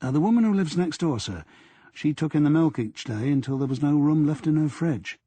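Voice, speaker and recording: A man's voice: on the high side, lively intonation, brisk, dark tone, husky, no echo, pitched above the performer's own voice. A man voicing an earnest, deferential young male detective sergeant in an audiobook. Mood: reporting.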